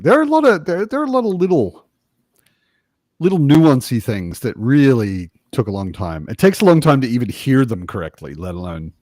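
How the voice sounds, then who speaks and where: A man hosts a relaxed chat over a video call, his voice swinging widely in pitch as he jokes and swears in passing. His delivery is loose and chatty, and the sound is dry and close with no room around it. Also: no echo. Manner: chatty, swears casually, jokey. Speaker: host. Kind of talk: casual chat.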